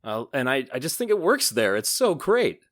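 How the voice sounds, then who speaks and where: A man's voice: medium pitch, moderate pace. A man hosting a podcast, chatting animatedly about a song and laughing often. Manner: animated, laughs often, quotes lyrics in voices. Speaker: podcast host. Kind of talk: casual podcast chat about music.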